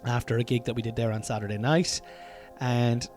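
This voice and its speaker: A man's voice: medium pitch, level tone, brisk, darkish tone, faint music behind. An Irish man hosting a podcast in a room at home. He talks in a rambling, casual comedic monologue, swears freely and calls his listeners lads. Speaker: podcast host.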